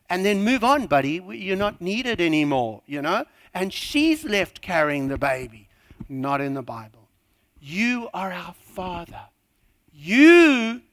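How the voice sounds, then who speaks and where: Male preacher, high voice, swooping animated delivery, dry close sound, emphatic sermon with jokes. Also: dry recording. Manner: animated, emphatic, with joking asides.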